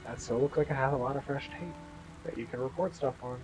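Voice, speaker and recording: A game master narrating a tabletop game in a halting way, with many fillers. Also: medium pitch, over music, poor audio.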